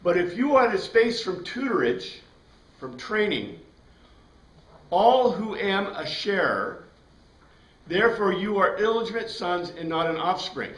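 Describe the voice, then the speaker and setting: A man's voice: sits high, very animated, a little slow, pauses often, a bit bright. A man teaching a Bible class, explaining step by step and putting questions to his students. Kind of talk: classroom lecture. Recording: roomy sound from a distant mic.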